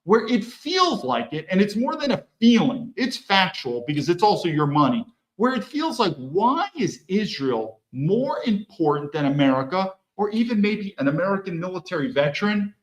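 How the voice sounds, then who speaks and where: A man's voice: high voice, very animated, moderate pace, hardly any pauses, rough recording. A middle-aged man and military veteran giving an opinionated political monologue, emphatic, with rhetorical questions and repeated words. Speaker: political commentator.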